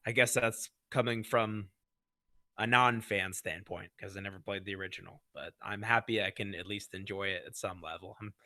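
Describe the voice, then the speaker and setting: A man's voice: lowish voice, fairly bright tone, no echo, clean studio sound. A man co-hosting a casual gaming podcast, talking in an easygoing, good-natured, reflective way. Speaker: podcast co-host.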